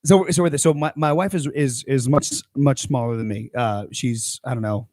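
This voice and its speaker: A man's voice: mid-range voice, normal speed, darkish tone, no echo, studio quality. A young adult man co-hosting a podcast, telling a rambling story full of restarts and fillers. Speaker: podcast co-host, coach. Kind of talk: casual chat.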